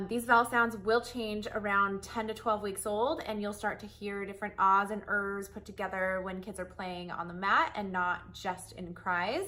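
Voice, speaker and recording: A woman's voice: mid-range voice, bright, forceful tone. A woman hosting a parenting lesson, explaining in a friendly, reassuring way. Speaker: host.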